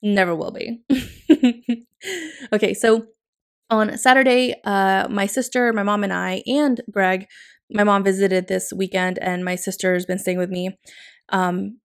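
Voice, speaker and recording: A woman vlogger chatting casually in a voice-over about decorating her planner, upbeat and quick to laugh. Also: mid-range voice, steady tone, smooth.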